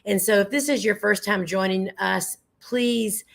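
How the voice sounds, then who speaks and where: A middle-aged woman chats her way through a live seed-starting demonstration. Her voice sits at a middle pitch and is going slightly hoarse. She talks homey and warm-hearted to her viewers as friends. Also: fairly even intonation, a little slow. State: losing her voice. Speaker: flower farmer hosting a live show. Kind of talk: casual live gardening demonstration.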